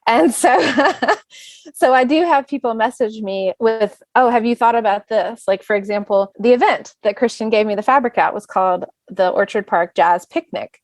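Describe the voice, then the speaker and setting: A woman who is a singer and bandleader, chatting as a guest in a relaxed, reflective way. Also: fairly high pitch, moderate pace, no echo. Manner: chatty, reflective, speeds up when listing plans. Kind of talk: casual conversation.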